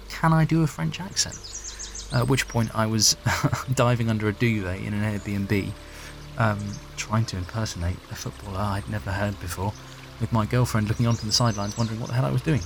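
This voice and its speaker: A man's voice: fairly low pitch, fairly even intonation, fairly quick, a little hiss or hum. A male voice actor recording a cheerful, rambling personal message, chuckling as he goes.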